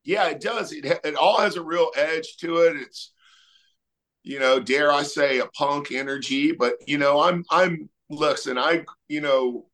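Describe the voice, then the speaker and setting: A man's voice: a little high, a little slow. A middle-aged man, a musician talking casually in an interview and telling stories loosely with many fillers. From Texas. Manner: relaxed storytelling, many fillers. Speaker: musician guest.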